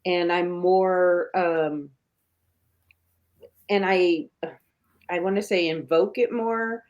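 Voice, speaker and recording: An older woman, a guest on a podcast, who talks in a hesitant, halting way with many restarts. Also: on the low side, steady tone, darkish tone, muffled recording. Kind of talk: casual podcast conversation.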